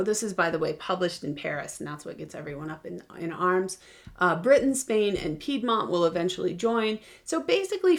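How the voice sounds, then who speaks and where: A woman teaches a history lesson in a loose, conversational way, full of ums, restarts and questions put to her students. Her voice sits at a middle pitch with a gravelly edge of vocal fry. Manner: chatty, informal, many ums and restarts, asks students questions. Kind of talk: casual recorded lecture.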